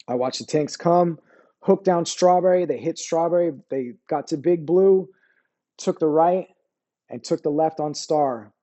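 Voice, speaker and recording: A man, an army veteran, telling combat stories in a candid interview, profane and halting, often restarting and dropping his voice on painful memories. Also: fairly high pitch, dark tone.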